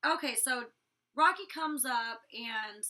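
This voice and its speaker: A young woman from a reality show recaps one of its episodes in blunt, casual chat, telling the story fast, packed with "like" and swearing freely. Her voice is on the high side, bright and forceful, recorded from a distance.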